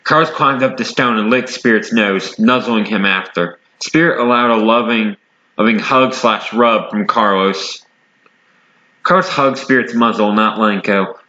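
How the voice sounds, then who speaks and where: Bright-voiced man reading a story. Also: on the low side, measured pace, reverberant. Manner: plain reading with self-corrections. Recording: dull lo-fi recording.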